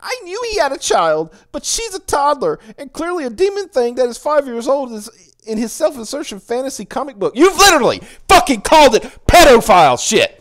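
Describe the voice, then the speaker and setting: A man doing a high, strained impression of a self-righteous middle-aged male comic creator, squealing in indignation. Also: big pitch swings, brisk, fairly bright tone, full character voice. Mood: indignant.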